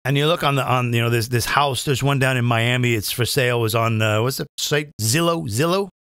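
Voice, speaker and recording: A man's voice: medium pitch, a little fast, fairly bright tone, clean tone, dry recording, studio quality. A man hosting a live comedy show, ranting in a profane, rambling, digressive way.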